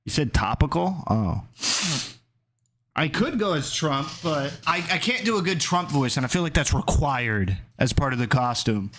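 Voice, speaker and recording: A man's voice: on the high side, very animated, moderate pace, a bit bright, a little hiss or hum. A male streamer in casual chat, riffing loosely and reading his chat aloud.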